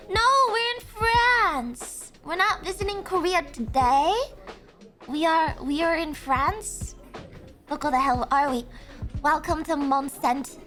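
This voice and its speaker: A very high, bright-sounding Irish woman chats casually on a live stream, giggling often and swapping quick, cheeky banter with her viewers. She swears freely while keeping up a loose, playful tour-guide act, with soft music humming faintly in the background.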